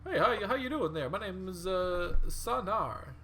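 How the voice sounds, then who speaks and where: A man's voice: high voice, animated, normal speed, a crowd in the background, voice pushed up. A man voicing a confused, friendly old male mummy who has just woken up, stammering and drawling.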